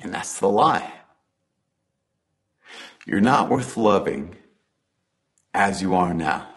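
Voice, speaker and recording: Low-voiced man preaching earnestly. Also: animated, takes it slowly. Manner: earnest, builds intensity then drops to soft emphasis. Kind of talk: conversational sermon.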